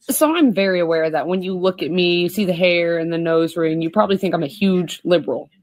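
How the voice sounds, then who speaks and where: A woman giving an earnest, measured personal statement to her followers. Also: on the low side, darkish tone. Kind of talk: personal social media statement.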